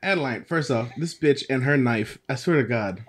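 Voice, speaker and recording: A man's voice: mid-range voice, moderate pace. A man co-hosting a podcast in casual chat, joking and laughing often. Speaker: podcast co-host.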